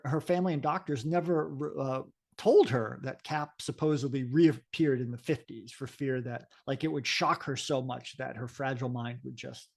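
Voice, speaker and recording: A man's voice: mid-range voice, darkish tone. A man co-hosting a comics podcast, talking casually and rambling with lots of fillers and restarts. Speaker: podcast co-host.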